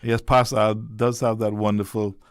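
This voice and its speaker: A man's voice: lowish voice, level tone, normal speed, clean tone, dry recording. A Caymanian man, a member of parliament, chatting as a studio guest in an easygoing, hesitant way with frequent ums. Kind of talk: casual radio talk. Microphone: studio microphone.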